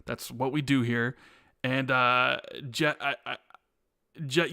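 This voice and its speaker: A man with a smooth, resonant voice of middle pitch, co-hosting a gaming podcast in a relaxed, chatty way. He reads viewer messages aloud, recorded close and dry. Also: takes it slowly, pauses often, dry recording. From United States. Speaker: podcast co-host. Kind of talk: casual podcast chat.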